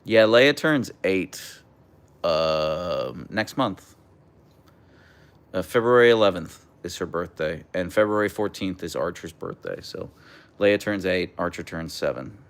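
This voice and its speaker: A young man hosting a casual livestream, chatting and reading out viewer comments in a relaxed way. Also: deep voice, measured pace, clean tone. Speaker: livestream host reading chat. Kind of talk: casual live chat.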